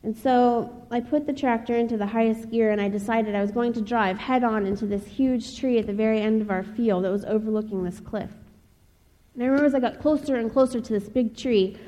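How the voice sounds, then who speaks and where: A woman's voice: on the high side, warm tone. Earnest woman speaking in a reverberant hall. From Ohio. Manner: earnest, measured storytelling with pauses. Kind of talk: personal testimony speech. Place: chapel. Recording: long reverb of a large hall.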